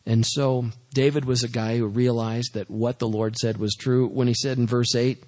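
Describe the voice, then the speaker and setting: A man's voice: medium pitch, level tone, moderate pace, few pauses, darkish tone. A man preaching a sermon, joking and acting out little scenes as he teaches. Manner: humorous, acts out little scenes in asides. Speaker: pastor.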